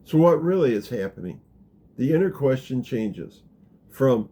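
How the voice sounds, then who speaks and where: A man leading a gentle guided meditation talk, calm and unhurried, dropping very soft in the guided parts. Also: mid-range voice, husky. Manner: slow, gentle, drops to a near whisper in the guided parts. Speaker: spiritual teacher guiding a practice.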